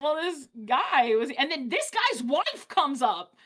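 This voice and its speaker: A woman telling a story in casual chat on a live stream, animated, with many fillers and restarts. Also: sits high, takes it slowly. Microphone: streaming mic.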